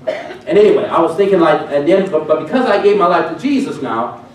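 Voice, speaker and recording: A man's voice: fairly high pitch, lively intonation, brisk, slight background noise. A man preaching a testimony sermon, telling his story with animation and acting out the voices of the people in it. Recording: echoey hall, recorded from a distance.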